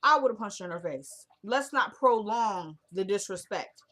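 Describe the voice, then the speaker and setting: A woman's voice: medium pitch, expressive, moderate pace. Chatty woman recapping a TV episode. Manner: chatty, opinionated, reacts loudly to the plot. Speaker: TV recap vlogger.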